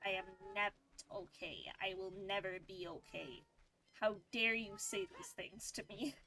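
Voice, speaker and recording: A woman voicing her upset pet cat as a sulky, melodramatic complainer, a bit low and soft. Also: measured pace.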